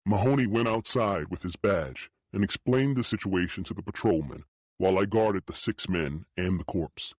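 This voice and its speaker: A man narrating a thriller audiobook in the first person, steady and matter-of-fact. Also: sits low, moderate pace, dry recording. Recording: dull dry studio audio.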